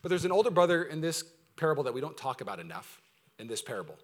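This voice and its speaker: A man preaching a sermon to his church, talking in an energetic, conversational way with humor, swinging between loud emphasis and quiet intensity. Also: on the high side, rapid-fire. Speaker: pastor. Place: church service before a congregation.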